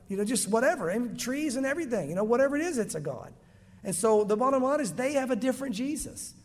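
Pastor, male, strikingly high voice; emphatic, chatty preaching; long hall reverb. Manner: emphatic, conversational preaching with repeated "bottom line". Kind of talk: sermon.

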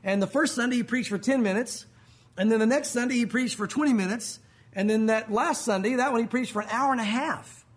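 Husky high-voiced male pastor preaching. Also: brisk. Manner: conversational preaching with humor and emphatic stresses. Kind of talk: sermon.

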